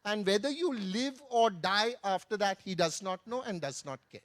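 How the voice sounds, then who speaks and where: A man telling an anecdote on a festival stage, with lively asides in Hindi. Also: high-pitched, moderate pace, no echo. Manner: animated anecdotal storytelling, mixing in Hindi phrases. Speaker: author on a festival panel. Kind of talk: storytelling talk on stage.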